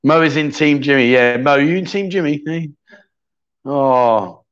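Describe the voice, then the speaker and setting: A man's voice: fairly high pitch, a little slow, a bit bright, clear, resonant tone, highs cut off. A man hosting a casual livestream chat show and running a quiz, trading cheeky banter with viewers in the chat.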